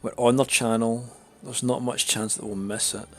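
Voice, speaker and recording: A man chatting casually on a live stream, his throat a little raspy and his nose congested, rambling with many fillers and restarts. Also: medium pitch, flat delivery, moderate pace.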